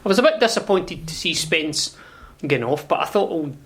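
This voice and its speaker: A man's voice: fairly high pitch, sing-song, fairly quick, fairly bright tone. A man co-presenting a fan radio show in a small studio, rambling and chuckling as he talks. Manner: rambling, chuckling, repeats himself. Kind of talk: casual fan radio chat.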